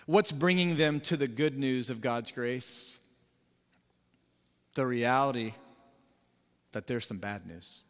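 A male pastor preaching a sermon, emphatic, swinging from loud rising appeals to low sober warnings. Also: slow pace, pauses often, long reverb tail, soft background music.

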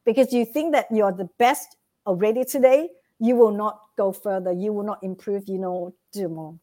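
A woman's voice: medium pitch, normal speed, mellow. A woman as a podcast guest, giving motivational advice and recapping her points in a numbered list.

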